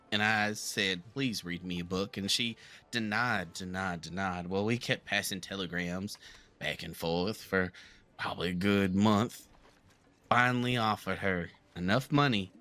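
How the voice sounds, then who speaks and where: A man playing a talkative southern gentleman from the bayou, with a Southern twang, rambling earnestly through a live game roleplay. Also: deep voice, measured pace. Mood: reminiscing.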